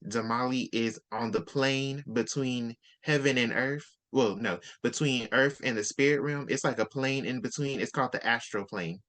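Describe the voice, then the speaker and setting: A man's voice: medium pitch, moderate pace, few pauses, fairly bright tone. A man in casual chat, animatedly retelling a book's plot and acting out the characters' lines. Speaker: book-swap co-host. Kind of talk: casual book discussion.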